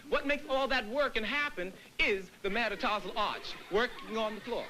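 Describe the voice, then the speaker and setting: A man's voice: sits high, normal speed, bright, forceful tone, poor audio. A man leading a dance lecture-demonstration on stage before an audience, counting beats and scatting rhythms aloud as he teaches. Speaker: dance company director.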